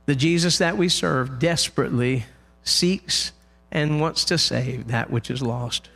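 A man preaching a sermon in a church, impassioned, loudly crying out the lines he quotes. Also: medium pitch, measured pace, gravelly.

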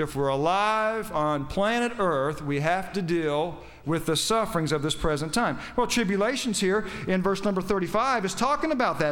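High-voiced preaching man. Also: fairly bright tone. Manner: emphatic preaching, quotes scripture, asks the congregation questions. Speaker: pastor. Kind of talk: sermon.

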